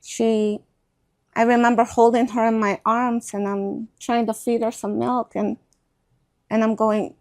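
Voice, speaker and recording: Animated middle-aged woman telling a story. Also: a little high, unhurried. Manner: animated, acts out quoted voices. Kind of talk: storytelling in a casual chat.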